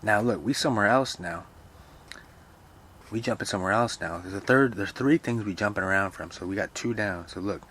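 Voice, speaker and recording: Man, low voice, casual, profane asides, explaining a novel, faint hiss. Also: brisk, fairly bright tone. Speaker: reader and explainer. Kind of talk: casual literature lecture with reading aloud.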